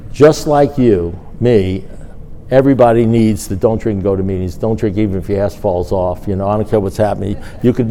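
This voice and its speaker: A middle-aged man with a low, mellow voice tells a long personal story at a recovery meeting. He rambles and restarts, acting out both sides of a conversation with growing animation. A faint ambient hiss sits behind him.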